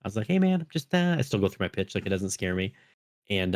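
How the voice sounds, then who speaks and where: Low-voiced, quick male podcast host, rambling and profane; casual chat. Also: very animated, no echo. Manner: rambling storytelling, swears often.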